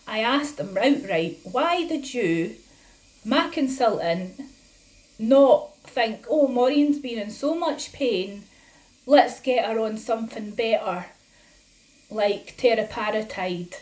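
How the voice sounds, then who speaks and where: Indignant woman, emphatic and higher-pitched. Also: darkish tone, rough recording. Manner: indignant, emphatic, talks in quoted exchanges. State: breathless from lung disease. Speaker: patient sharing her health story. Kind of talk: personal vlog to camera.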